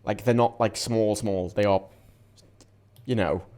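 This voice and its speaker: A man's voice: on the low side, steady tone, unhurried, a little mellow. A man on a casual podcast rambling through an explanation, restarting his sentences often. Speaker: podcast co-host.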